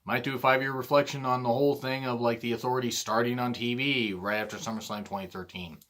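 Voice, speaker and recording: A man's voice: medium pitch, steady tone, quick pace, fairly bright tone. A man hosting his own vlog, delivering a blunt, profane ranting monologue. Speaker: vlog host.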